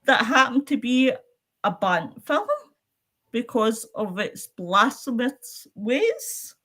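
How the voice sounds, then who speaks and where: A woman's voice: a little high, expressive, takes it slowly, sharp tone. A woman from Scotland co-hosting a casual live-stream chat about films over a home video call. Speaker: co-host of a film chat stream.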